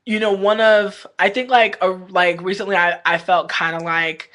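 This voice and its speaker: Brief: woman vlogger, loose livestream chatter, blunt and profane, mid-pitched voice. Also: fairly even intonation, moderate pace, a bit bright. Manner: candid, slangy, swears freely; rambling with many fillers. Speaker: vlogger reviewing a reality show. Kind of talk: casual livestream chat.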